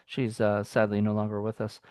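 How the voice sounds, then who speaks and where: A man's voice: fairly low pitch, monotone, brisk, a little mellow, smooth, no room sound, studio quality. A man co-hosting a film review podcast in casual chat. He rambles loosely, with many fillers and restarts.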